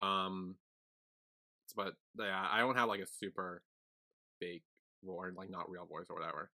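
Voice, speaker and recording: A young man co-hosting a podcast in casual chat, laid-back, bursting into loud laughter and swearing. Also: deep voice, level tone, unhurried. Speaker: podcast co-host.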